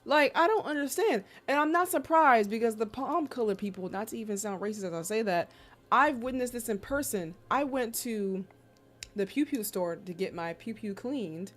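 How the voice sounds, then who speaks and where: At a normal speed and a fairly high pitch, a woman chats on her live stream. Her storytelling is lively and full of slang, punctuated by loud disbelieving exclamations.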